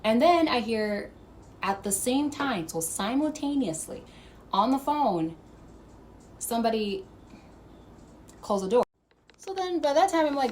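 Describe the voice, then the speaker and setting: A woman vlogger telling a story to camera, animated and profane, laughing as she goes. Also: a little high, a little slow, pauses often, slight background noise. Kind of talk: casual storytime monologue.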